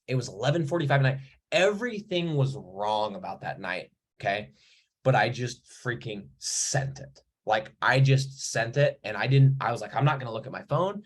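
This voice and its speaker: A husky-voiced man in his thirties, speaking casually and bluntly to his audience, with plenty of profanity. He tells his story in a mid-range voice and punches up key moments. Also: mid-range voice. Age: 30s. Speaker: mentor. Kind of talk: casual motivational talk to camera.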